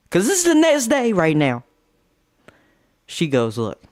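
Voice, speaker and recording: A young man streaming live from his phone, telling a crude, excitable story and acting out what others said. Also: high voice, a little slow, pauses often. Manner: crude, excitable, acts out quotes.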